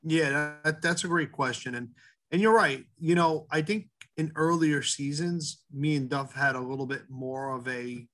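A middle-aged man, a head baker, talking earnestly in an interview, halting often with fillers and restarts. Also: a little high, fairly bright tone. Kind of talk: casual interview talk.

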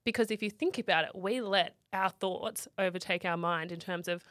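A woman's voice: lowish voice, normal speed, a bit bright, no room sound, clean studio sound. A woman co-hosting a podcast, frank and blunt in casual chat. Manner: blunt, frank, swears freely. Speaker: podcast co-host.

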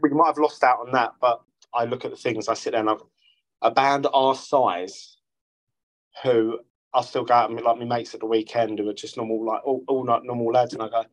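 A man's voice: mid-range voice, fairly even intonation, a little fast, no echo, poor audio. A man, chatting casually as a guest musician, rambling and swearing freely. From South London. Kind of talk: casual interview chat.

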